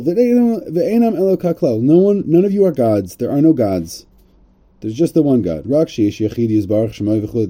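A man's voice: mid-range voice, warm tone. A man teaching a religious story, reading Hebrew lines and retelling them in casual English with jokey asides. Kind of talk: translating and explaining a story aloud.

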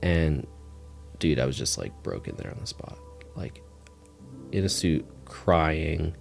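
A man's voice: a bass voice, takes it slowly, creaky, faint music behind. A man sharing a personal testimony as a guest in a casual, rambling way, full of "like" fillers. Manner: relaxed, rambling, heavy use of "like" fillers. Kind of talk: casual storytelling interview.

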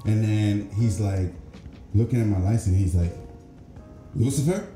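A man with a very low voice tells a story in casual chat, breaking into laughter and acting out what others said. He sounds as if he is in an echoey room, with music playing clearly in the background. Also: fairly even intonation, normal speed, mellow. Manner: laughs through stories, acts out cops' lines.

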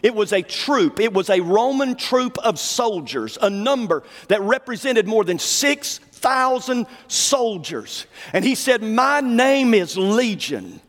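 A male preacher delivering a fervent sermon, dropping to low asides and rising to shouted declarations. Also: expressive, a little slow, hardly any pauses, big-room sound.

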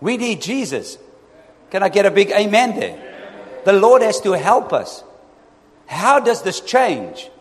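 Animated male preacher with a high voice. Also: measured pace, pauses often. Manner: animated, asks the congregation for responses. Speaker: pastor. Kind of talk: sermon. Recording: long reverb in a hall.

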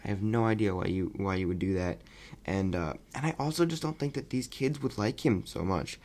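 A young man casually reviewing a movie on his podcast, rambling and animated. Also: lowish voice, a little fast. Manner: rambling, animated, mocking voices when quoting. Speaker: podcast host.

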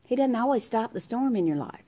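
A woman's voice: fairly high pitch, expressive, brisk, warm tone. A middle-aged woman teaching an informal Bible study, talking conversationally, searching aloud for verses and reading scripture aloud.

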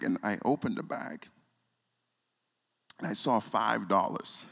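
A man, preaching a sermon and telling a personal story, often repeating himself and dropping soft when moved. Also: mid-range voice, animated, measured pace, vocal fry. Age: 40s. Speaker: pastor. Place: church sanctuary. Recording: long hall reverb.

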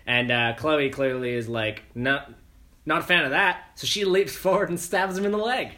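Brief: mid-pitched co-host, lively retelling, quick laughs, casual. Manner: animated storyteller, laughs often. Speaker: podcast co-host recapping a film. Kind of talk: casual chat.

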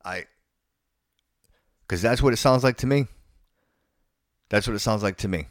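A man's voice: lowish voice, unhurried, dry recording. Man, podcast host, indignant rant, stammering restarts, dry close sound. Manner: stammering, repeats words and restarts phrases; opinionated and indignant. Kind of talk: casual opinion rant.

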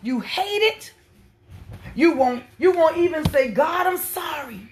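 A woman preaching a sermon, swinging from soft, quiet lines to impassioned shouting. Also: high-pitched, animated, a little slow, a little hiss or hum.

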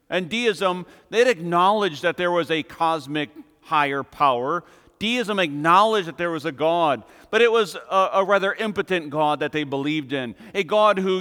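A man preaching an expository sermon with measured, emphatic repetition. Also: fairly high pitch, pushed and bright, clear, resonant tone. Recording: long hall reverb.

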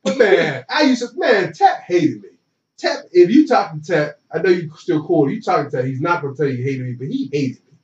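Speaking a little fast, on the high side, an ex-college football player spins an animated yarn in slangy, casual language, voicing the quotes himself. The sound is dull and distant, with a roomy feel.

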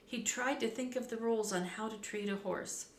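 A woman narrating a children's storybook aloud in a measured, clear, expressive way. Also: fairly high pitch. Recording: roomy echo, faint background hum.

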